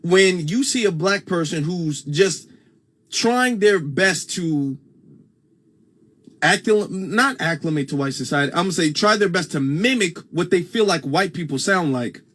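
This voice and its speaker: A man with a fairly high speaking voice hosts a casual livestream. He talks in a loose, conversational way and circles back over his points while reading comments aloud. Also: expressive, a little slow, fairly bright tone. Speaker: host.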